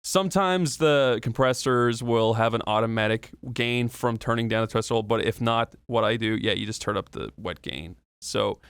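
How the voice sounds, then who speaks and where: A man's voice: mid-range voice, normal speed, few pauses, fairly bright tone, clear, resonant tone, no room sound, clean studio sound. A man talking through an audio tutorial in a loose, casual way, explaining each step with fillers and the odd swear.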